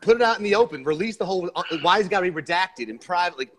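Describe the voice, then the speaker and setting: A man chatting as a podcast guest, excitable and joking, often stumbling and repeating words. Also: high voice, racing, a little hiss or hum. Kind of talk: casual chat.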